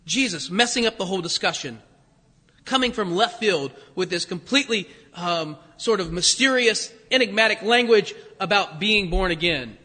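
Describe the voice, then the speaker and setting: A man with a very high, bright voice preaches a chatty sermon, tossing rhetorical questions at his listeners. His voice rings with a long hall reverb. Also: animated, normal speed. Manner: chatty, full of rhetorical questions, acts out quotes. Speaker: pastor. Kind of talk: conversational sermon.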